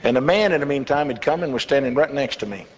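A man's voice: mid-range voice, quick pace. Older man preaching folksy testimony, echoey hall. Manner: folksy storytelling with chuckling asides. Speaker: pastor. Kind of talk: sermon testimony. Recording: echoey hall, slightly dull with faint hiss.

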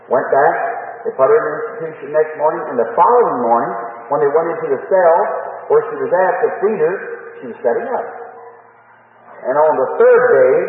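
A man preaching a sermon, telling a testimony dramatically and slowing down for emphasis. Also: a little high. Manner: dramatic storytelling, slows for emphasis. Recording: echoey hall, phone-like, from far off.

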